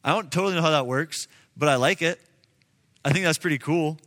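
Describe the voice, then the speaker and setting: Young man in his twenties, fairly high, bright voice, informal preaching with lots of "like", long hall reverb. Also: fairly quick. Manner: casual, earnest, uses many fillers. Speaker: speaker addressing a group. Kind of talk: personal testimony and preaching. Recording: long reverb in a large room.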